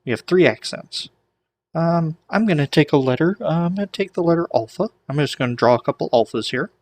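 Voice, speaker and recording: A man's voice: fairly high pitch, a little fast. Man teaching a casual language lesson. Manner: relaxed, many restarts and asides, light joking. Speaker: Greek teacher.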